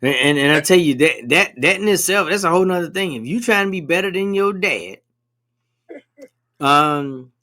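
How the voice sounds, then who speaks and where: A man's voice: a little high, expressive, moderate pace, pushed and bright. A man co-hosting a conversation, talking emphatically and asking leading questions. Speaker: podcast co-host. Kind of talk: casual conversation.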